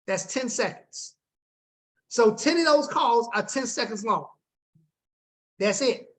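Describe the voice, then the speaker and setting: A man's voice: extremely high pitch, lively intonation, measured pace, pauses often. A man coaching his team on a group video call, upbeat and slangy, talking straight to the group and checking in with them often.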